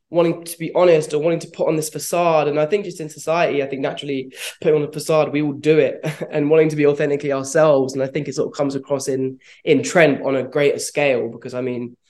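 A man's voice: fairly high pitch, darkish tone. A man, an actor answering interview questions in a reflective, rambling way, with frequent laughs. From London, England. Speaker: actor guest.

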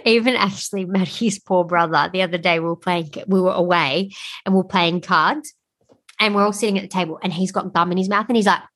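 A woman's voice: on the low side, brisk. Chatty woman co-hosting a podcast. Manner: animated, swears freely, acts out what others said. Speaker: podcast co-host. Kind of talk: casual podcast chat.

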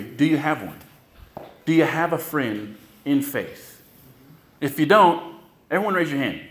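A male pastor preaches in a casual, storytelling way, tossing out quick asides and questions to the congregation. His voice sits at an ordinary middle pitch. The sound carries a noticeable room echo from the church sanctuary. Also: fairly bright tone. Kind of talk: sermon.

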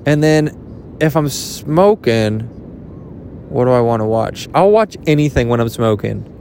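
A man's voice: measured pace, slight background noise. Rambling young guy vlogging at the beach. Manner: rambling, jokey, swears casually, pitch jumps up when excited. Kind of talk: rambling casual vlog. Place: outdoors at a beach.

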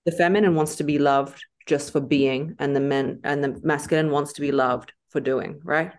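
A woman, a podcast guest in casual interview chat, talking emphatically and acting out quoted lines in lively voices. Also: low-pitched, normal speed, a little hiss or hum.

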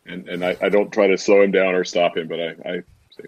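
Tabletop player, man, low voice, stammers, dry muffled lo-fi mic. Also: level tone, brisk, no room sound. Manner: stammering restarts. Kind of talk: playing a tabletop game.

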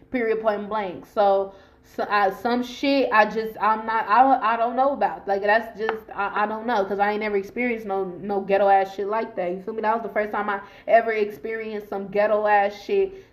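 A woman from Long Beach, California, telling a personal story to camera in an emphatic, profane way, addressing her listeners directly. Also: medium pitch. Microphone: camera mic while filming herself.

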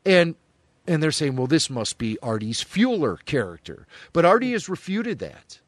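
A man from the Midwest, co-hosting a podcast in casual chat, animated and often laughing as he teases. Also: fairly high pitch, moderate pace, dry recording. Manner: animated, laughing, playful teasing. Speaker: podcast co-host.

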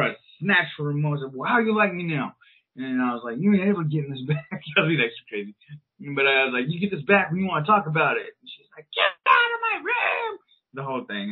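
A man's voice: fairly high pitch, breathy edge. A man in his thirties co-hosting a podcast, telling a long story in a loose, rambling way with plenty of swearing and filler words. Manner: rambling, profane, lots of fillers. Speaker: podcast co-host. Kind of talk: casual storytelling chat. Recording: tinny, phone-like sound.

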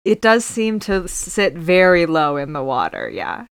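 A woman with a fairly low, smooth, clear voice in a casual podcast conversation. She thinks out loud, hesitates and fills gaps with "um" and "like" while she works out her point. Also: huge pitch swings, unhurried, no room sound. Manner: thoughtful, hesitant, lots of fillers. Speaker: podcast co-host or guest. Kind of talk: casual book-club podcast chat.

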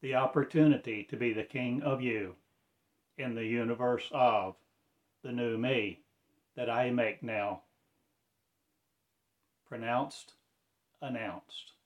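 A man's voice: mid-range voice, takes it slowly, pauses often. A man delivering a fragmented, incantatory spoken-word monologue with preacher-like phrasing.

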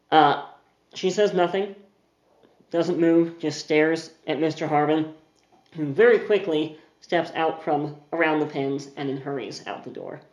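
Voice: medium pitch, darkish tone, reverberant, dull audio. A game master narrating a tabletop game scene in a loose, descriptive way. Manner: descriptive, uses filler words.

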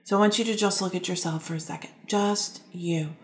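Calm woman life coach in a roomy space. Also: lowish voice. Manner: calm, reflective, coaching with slow pauses. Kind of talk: guided self-help talk to listeners.

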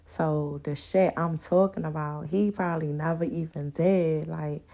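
A young woman hosting a podcast, chatting casually and telling loud, animated stories full of laughter and acted-out quotes. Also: low voice, unhurried. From New York and the countryside. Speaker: podcast host. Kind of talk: casual solo podcast chat.

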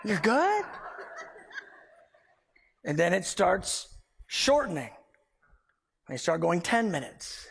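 A man preaching a sermon, emphatic and animated as he tells a personal story. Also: high voice, takes it slowly, creaky, long pauses, husky. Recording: long hall reverb.

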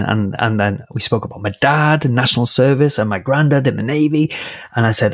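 A man from England with a low voice tells a story on a podcast. He is animated, laughs often, and jumps between thoughts. The recording is dry and close. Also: dry recording. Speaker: podcast co-host. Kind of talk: casual podcast chat, storytelling.

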